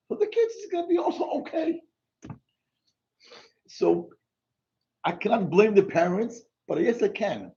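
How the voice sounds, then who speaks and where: Animated rabbi preaching. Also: male voice, high-pitched, creaky. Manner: animated, emphatic, exclaiming, mixing in Hebrew words. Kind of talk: sermon. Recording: dull lo-fi recording.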